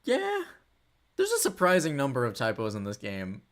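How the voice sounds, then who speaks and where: A man co-hosting a game playthrough, easygoing and quick to agree. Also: mid-range voice, wildly swooping pitch. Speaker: let's-play co-host. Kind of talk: casual chat while playing a game.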